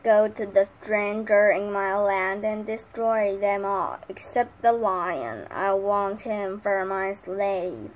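A woman voicing a cruel, wicked one-eyed witch in a storybook reading, speaking slowly and emphatically. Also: medium pitch, a little hiss or hum, close to an everyday voice, low-quality recording. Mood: commanding.

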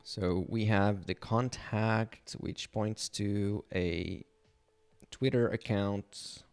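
A man narrates a hacking walkthrough over his screen, explaining each step to his viewers. His voice sits low and he takes his time, pausing and thinking aloud with casual fillers. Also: steady tone, clean tone, faint music behind. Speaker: channel host teaching penetration testing. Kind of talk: screen-recorded tutorial walkthrough.

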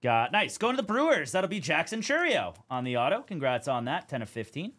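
A man's voice: fairly high pitch, sing-song, fairly quick, a bit bright. Chatty young man hosting a card break. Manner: casual, chatty, calls out cards and teams. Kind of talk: live stream commentary.

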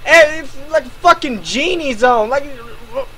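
A man ranting angrily about another creator, swearing nonstop and breaking into shouts. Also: very high voice, takes it slowly, crowd noise. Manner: swears constantly, swings into shouting and laughing disbelief. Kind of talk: angry reaction rant.

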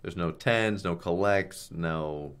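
A man streaming online slots, giving live commentary on each spin, swearing often and groaning or shouting at the results. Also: low-pitched, slow pace, smooth.

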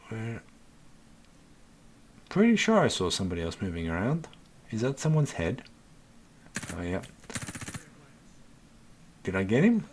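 A man's voice: on the low side, huge pitch swings, a little slow, pauses often, slight background noise. A man hosting a gaming channel, giving an exasperated, swear-filled running commentary as he plays and talks to himself and to his viewers. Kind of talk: live gameplay commentary.

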